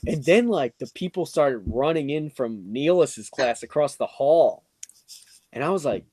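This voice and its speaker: At a moderate pace and on a dry recording, a young podcast guest casually recounts something funny. Animated and full of fillers, especially "like," he voices the quotes with his pitch climbing.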